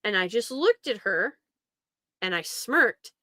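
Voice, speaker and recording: Young woman rambling through an old family story, bright voice, dry close mic. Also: a little high, big pitch swings, unhurried, dry recording. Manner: chatty and rambling, laughs often. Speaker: podcast host. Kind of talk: casual storytelling.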